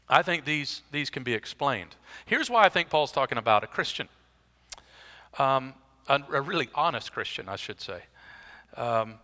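Bright-voiced preacher in a reverberant hall. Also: male voice, mid-range voice. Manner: conversational preaching with dry self-deprecating asides. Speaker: pastor. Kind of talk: expository sermon.

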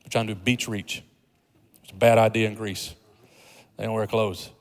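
With a lowish, level voice at a normal speed, a man delivers a sermon as pastor. He's humorous and conversational, working up to emphatic points, and long hall reverb fills the recording.

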